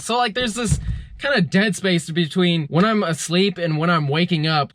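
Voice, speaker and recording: A man's voice: high-pitched, a little fast, fairly bright tone, no echo, studio quality. A young man casually retelling a strange dream as a vlogger, rambling with lots of fillers. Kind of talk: casual storytelling.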